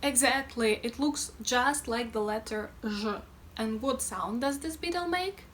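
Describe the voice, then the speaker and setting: A woman with a Russian accent gives a pronunciation lesson at an unhurried pace. Her voice sits a little high, and she drills sounds patiently and playfully. A faint background noise runs under the recording. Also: fairly bright tone. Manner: demonstrates sounds by repeating them in drills; playful, chatty explanations. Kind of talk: slow, careful pronunciation lesson.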